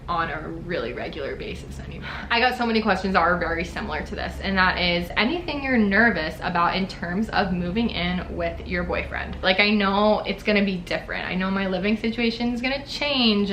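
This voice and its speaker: A woman's voice: mid-range voice, brisk, few pauses, a bit bright, slight background noise. A young woman in her twenties talking casually to her viewers in a Q&A vlog, chatty and full of "like" fillers. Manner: chatty, many "like" fillers, frequent laughs. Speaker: YouTuber. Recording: echoey room with faint ambience.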